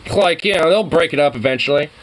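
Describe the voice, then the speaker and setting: A man's voice: on the high side, quick pace, slight background noise. A young man reacting to a video, ranting in a heated, profane, casual way.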